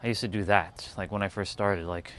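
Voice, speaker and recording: Rambling low-voiced man vlogging. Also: fairly even intonation, a little fast, noisy background. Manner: loose and meandering, many "like" fillers. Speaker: spiritual vlogger. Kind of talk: rambling casual vlog. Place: outdoors on a hot day.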